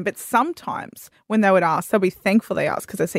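A woman co-hosting a radio show, telling stories in chatty, animated casual talk. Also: medium pitch, fast talker, no echo, studio quality. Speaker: radio co-host. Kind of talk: casual chat.

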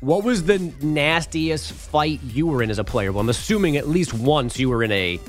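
A man hosting a casual sports talk show, recapping a baseball fight in an animated storytelling way. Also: a little high, moderate pace, soft background music.

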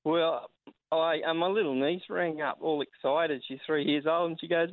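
An Australian man on a tinny phone line calling in to radio. His voice sits a little high for a man. He is easygoing and chuckles as he talks. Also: steady tone, normal speed, no echo. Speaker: caller. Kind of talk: casual phone-in story.

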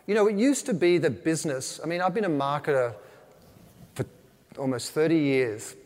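A veteran marketer gives an animated keynote, a man with a somewhat high-pitched voice telling stories and acting out quoted asides. His voice carries a long reverb from the hall around him. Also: brisk. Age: older. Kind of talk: business talk to a live audience.

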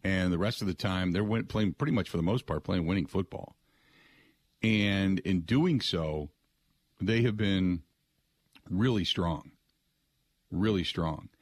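A middle-aged man hosting sports talk radio, excitable and rambling, often putting on other people's voices. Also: sits low, unhurried, pauses often, no echo. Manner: excitable, mimics voices, frequent restarts.

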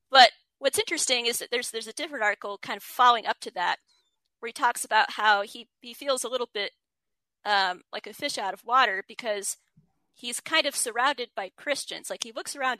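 A woman's voice: fairly high pitch, sharp tone, no room sound, poor audio. A woman writer giving an interview, explaining ideas earnestly and reading quotes aloud. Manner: earnest, frequent restarts, reads quotes aloud. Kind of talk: thoughtful conversational explanation.

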